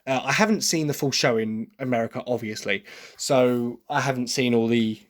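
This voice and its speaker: A man's voice: mid-range voice, moderate pace. Enthusiastic man rambling opinions. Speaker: podcast host. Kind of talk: solo podcast monologue.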